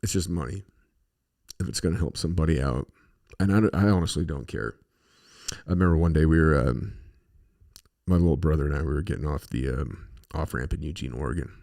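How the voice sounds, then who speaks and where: Speaking fairly quickly in an extremely low, warm voice with vocal fry, a western American podcast host in middle age delivers a casual monologue. His storytelling wanders, swears freely, and leans on fillers.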